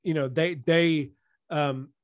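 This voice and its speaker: A man's voice: fairly high pitch, steady tone, slow pace, no echo. A man hosting a casual conversation about writing, chatty and rambling, full of "you know" and "like".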